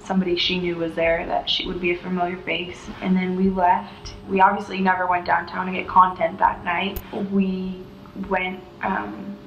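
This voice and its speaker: A woman's voice: fairly low pitch, little pitch movement, normal speed, gravelly, a bit bright, highs cut off, slight background noise. A young woman telling an earnest, heartfelt personal story in a casual way. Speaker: interviewee recounting a rescue. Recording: echoey room with music behind.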